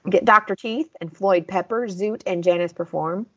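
A young Southern woman with a medium-pitched voice and moderate pace co-hosts a podcast, chatting casually as they review episodes. She recaps scenes with quoted lines and says "like" a lot. The lo-fi podcast audio sounds slightly dull.

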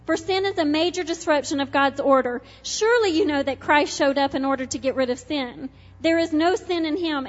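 A woman preaching a sermon with passion, moving between loud urgent pleading and quiet intimate moments. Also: high voice. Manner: impassioned, swings from loud urgency to hushed intimacy. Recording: dull reverberant hall with soft music.

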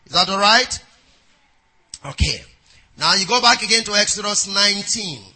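A man preaching a sermon who reads scripture aloud in a measured cadence and often checks in with his congregation, with quick prayerful asides. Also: sits high, expressive, sharp tone, rough recording.

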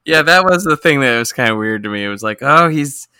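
A man with a very sharp, tense voice that is smooth and crisp, recorded close and dry with no room sound. He chimes into a casual movie chat with short, dry, profane remarks. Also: mid-range voice, lively intonation, quick pace, no room sound. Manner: dry, brief interjections, profane. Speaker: podcast co-host.

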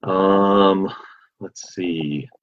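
A man's voice: sits low, steady tone, very slow. A man hosting a livestream, chatting casually and reading out viewer comments in an easygoing, rambling way with many fillers. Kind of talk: casual chat. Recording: dull lo-fi sound.

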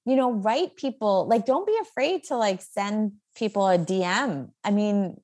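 A woman's voice: mid-range voice, a little slow, darkish tone. A woman in her thirties, a guest in a casual interview, talking in an upbeat, chatty way full of fillers and laughter. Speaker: guest, social media creator.

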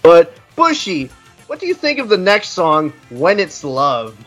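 Guy ranting and cursing about a record, high voice that jumps all over. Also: huge pitch swings, unhurried, fairly bright tone, faint music behind. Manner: crude, ranting, mocking. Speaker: podcast co-host. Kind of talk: casual profane music review chat.

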